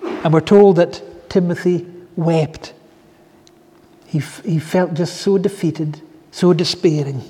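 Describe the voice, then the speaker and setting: A man preaching a sermon, telling stories in an earnest, heartfelt way with soft asides. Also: fairly high pitch, takes it slowly, long pauses, slightly rough, long reverb tail. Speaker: pastor.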